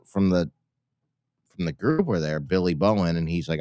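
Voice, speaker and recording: Deep-voiced man rambling through a story. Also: lively intonation. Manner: rambling, halting restarts. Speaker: co-host telling a story. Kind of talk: casual storytelling chat.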